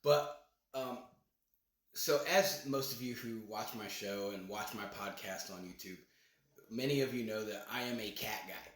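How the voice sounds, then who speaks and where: A man's voice: fairly low pitch, a little slow, a bit bright. A man hosting his own podcast, rambling casually with loose slang and many restarts as he breaks down a movie trailer. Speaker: podcast host. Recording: echoey room.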